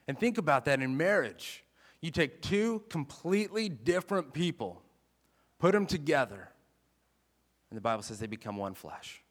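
A man preaching a sermon in a chatty, animated way, mixing jokes and scripture. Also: medium pitch, long reverb tail. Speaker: pastor.

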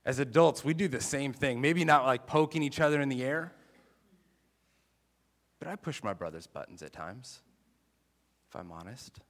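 A man preaching a sermon in a chatty, animated way, mixing jokes and scripture. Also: mid-range voice, normal speed, pauses often, in a large hall. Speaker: pastor.

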